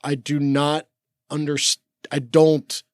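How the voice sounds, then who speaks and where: A man's voice: on the high side, completely flat delivery, slow pace, a little mellow, no room sound. A man in his forties, a podcast guest in the studio, telling personal stories in a rambling casual way, full of restarts and "like" fillers. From United States. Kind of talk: casual storytelling chat. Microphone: studio mic.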